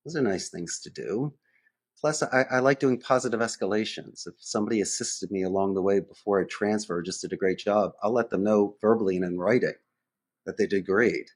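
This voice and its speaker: A man's voice: lowish voice, a little fast, breathy edge. A man as a podcast guest who runs a call center, talking in a conversational interview and acting out phone calls in different voices.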